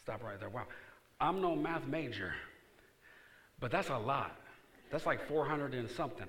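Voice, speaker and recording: A male pastor preaching a sermon, reading scripture and shifting between quiet asides and loud emphatic bursts, calling on the congregation to answer back. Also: medium pitch, lively intonation, unhurried, roomy sound. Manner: reads scripture aloud and calls on the congregation to respond.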